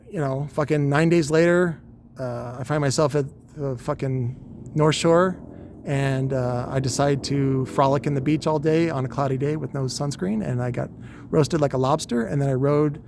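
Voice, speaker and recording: A man's voice: mid-range voice, measured pace, a little mellow, slight background noise. A man in his forties casually telling a long, rambling, profane story with wry humor. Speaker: podcast host.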